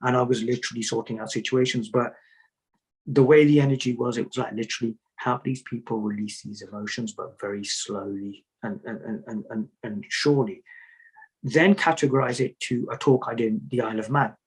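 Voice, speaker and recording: Guy with a husky voice, sufi teacher type, chatty stories, keeps repeating himself. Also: medium pitch, fairly even intonation, brisk, rough recording. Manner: storytelling, repeats words, jokey asides. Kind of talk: conversational interview answers.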